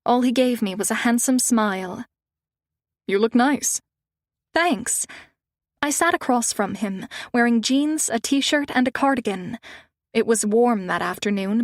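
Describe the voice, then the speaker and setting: A woman reading a first-person romance audiobook in a measured, wistful way. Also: on the high side, no room sound, studio quality. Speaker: audiobook narrator.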